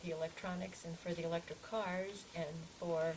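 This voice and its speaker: A woman's voice: lowish voice, fairly even intonation, normal speed. A woman guest on a podcast who speaks hesitantly, often restarting her sentences. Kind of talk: casual podcast chat. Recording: noisy background.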